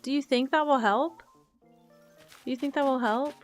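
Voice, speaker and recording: Over faint guitar music, a young woman talks casually to her stream while gaming. Her voice sits high and her speed is normal, and she rambles openly, musing out loud and replying to chat.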